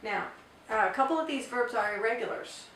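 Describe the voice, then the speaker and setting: A woman's voice: a little high, a bit bright, far from the mic, slight background noise. Woman teaching grammar in an echoey room. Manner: explains slowly, repeats example phrases. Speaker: Spanish teacher. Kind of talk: classroom grammar lesson.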